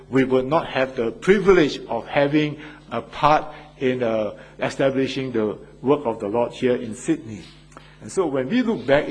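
Husky-voiced older male preacher. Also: mid-range voice, poor audio. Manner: earnest preaching, frequent "uh" and "yes?" asides. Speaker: pastor. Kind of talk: sermon.

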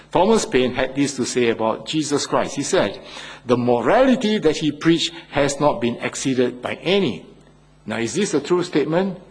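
Male preacher, husky, earnest sermon delivery with rhetorical questions. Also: medium pitch, a little mellow.

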